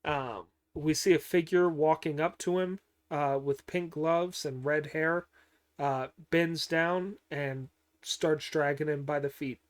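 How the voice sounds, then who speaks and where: A man giving a casual, unhurried recap of a cartoon episode, with many pauses and fillers and dry joking asides. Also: fairly high pitch, steady tone. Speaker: show recapper.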